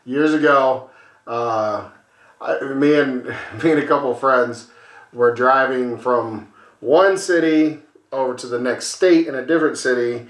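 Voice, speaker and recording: A podcast co-host with an unhurried, mid-range voice relates a wild story from the road in a roomy-sounding space. It's casual beer-in-hand storytelling: animated, full of acted-out voices, and liberally sprinkled with swearing.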